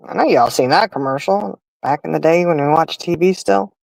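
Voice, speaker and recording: A middle-aged woman hosts a casual livestream chat, rambling through stories and talking straight to her viewers. Her voice sits on the low side and the sound is dry, with no room around it. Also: brisk, gravelly, hardly any pauses, a little mellow, no echo, low-quality recording. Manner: chatty, storytelling, talks straight to the viewers. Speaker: livestream host.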